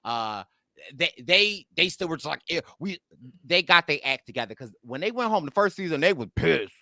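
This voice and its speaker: A man hosts a casual recap chat, his voice bright and forward. He rambles, restarts sentences and hunts for names as he talks. The sound is dry and close. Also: fairly high pitch, big pitch swings, moderate pace, dry recording. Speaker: podcast host.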